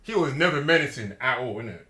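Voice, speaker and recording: A man's voice: mid-range voice, animated, fast talker, bright, forceful tone. A young man, giving blunt, dismissive views in a casual movie review chat. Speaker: podcast co-host. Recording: roomy echo.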